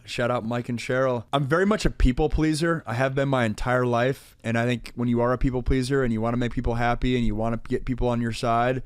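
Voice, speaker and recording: A young adult man with a mid-range voice, recorded with no room sound, co-hosts a podcast with his wife. Their chat is casual, and he's laid-back and joking, talking in long, rambling stretches.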